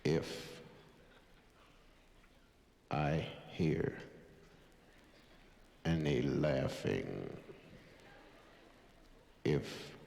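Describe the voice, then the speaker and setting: A man playing a stern father who threatens his sons in slow, drawn-out warnings. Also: extremely low pitch, animated, vocal fry, a little mellow, a little hiss or hum, full character voice. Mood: menacing. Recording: echoey old vinyl comedy record.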